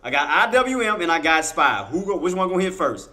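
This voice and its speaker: Excitable bright-voiced man calling trades. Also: high-pitched, fairly quick. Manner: excitable, emphatic, repeats himself; turns tearful and heartfelt thanking viewers. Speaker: livestream day-trading host. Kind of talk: live market commentary to chat.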